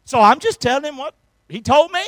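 Middle-aged man, energetic sermon with call-and-response, higher-pitched voice. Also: fairly quick, no echo, poor audio. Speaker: pastor.

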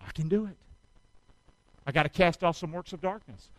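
Male pastor, high pitched, dry close-miked sermon with call-and-response. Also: moderate pace, no room sound, low-quality recording. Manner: call-and-response preaching, shouting exhortations.

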